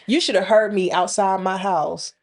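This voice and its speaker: A woman's voice: mid-range voice, steady tone, normal speed. Frank, chatty woman podcast co-host. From Indianapolis area. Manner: frank, colloquial, laughs while telling stories. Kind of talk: casual chat.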